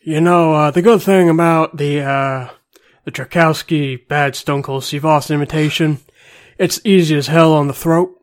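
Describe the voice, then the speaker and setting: A man's voice: fairly high pitch, steady tone, moderate pace. A man from New Jersey, joking around casually as a player. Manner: joking, easygoing. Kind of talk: casual chat.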